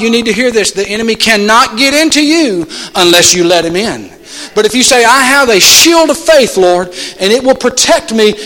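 Male pastor, high bright voice, passionate sermon with pleading shouts and quiet asides, echoing church hall. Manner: impassioned preaching, swinging between pleading shouts and soft intimate asides. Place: church sanctuary. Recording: long hall reverb.

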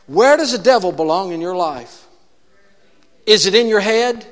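A man preaching a sermon to a church, animated, shifting from loud exclamations to hushed asides. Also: sits high, normal speed, pauses often, big-room sound. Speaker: pastor.

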